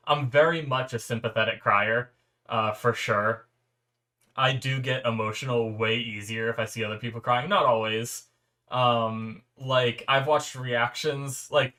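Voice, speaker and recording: Bright-voiced man musing earnestly. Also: mid-range voice. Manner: rambling, searching for words with many restarts; earnest and reflective. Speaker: anime reaction host. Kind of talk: casual reaction commentary.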